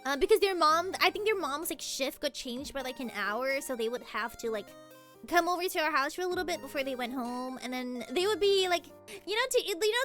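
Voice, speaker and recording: A young woman streaming, chatting casually with giggly, animated storytelling. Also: high-pitched. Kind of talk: casual chat.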